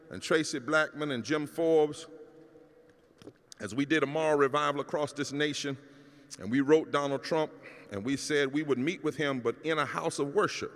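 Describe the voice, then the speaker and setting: A middle-aged man preaches a keynote address with a rousing, rhythmic cadence that builds to shouted peaks. His voice sits somewhat high for a man. The sound carries a long reverb from the large hall around him. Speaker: pastor giving a keynote. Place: large hall at a public celebration.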